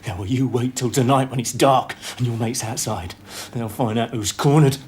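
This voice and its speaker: An actor playing a desperate, cornered male gunman in a TV police drama, with a rough voice that swings between threats and fear. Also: medium pitch, normal speed, darkish tone, a little hiss or hum, close to an everyday voice. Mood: menacing. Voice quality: rough, menacing, volatile. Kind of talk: television police drama acting.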